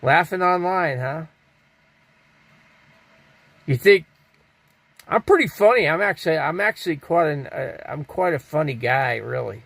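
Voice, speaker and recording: Older male stream host, gravelly and slightly high, loose rambling delivery, answers chat. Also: lively intonation, a little slow, long pauses, a bit bright, dry recording. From Scottsdale, Arizona. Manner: rambling, reads viewer chat aloud and answers it. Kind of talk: casual live-stream chat.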